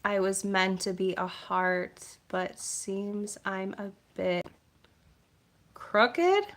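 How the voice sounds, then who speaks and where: A woman reading oracle card messages on a live stream and chatting with viewers, soft-spoken and meandering, with plenty of filler words. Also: medium pitch, monotone. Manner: reads card messages aloud in a gentle measured tone.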